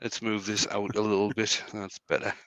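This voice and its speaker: A man hosts a live stream and talks viewers through his lathe work in an easygoing way. His voice is bright and clear, at an ordinary male pitch, and it sounds close and dry. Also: little pitch movement, normal speed, dry recording, poor audio. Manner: easygoing, explains steps as he works. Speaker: host. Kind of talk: live stream chat while woodturning.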